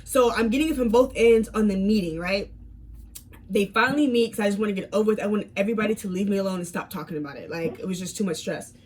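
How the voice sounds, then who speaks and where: A woman in her twenties telling a casual storytime vlog, animated, with many fillers and repeated words, swinging from calm to heated. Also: mid-range voice, fast talker, slight background noise. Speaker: fitness vlogger.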